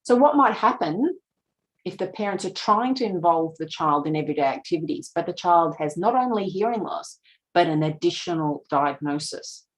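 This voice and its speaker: Lower-voiced woman giving a lecture. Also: expressive, normal speed, slight background noise, poor audio. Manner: explanatory, slips into quoted voices of parents. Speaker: conference presenter. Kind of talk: lecture presentation.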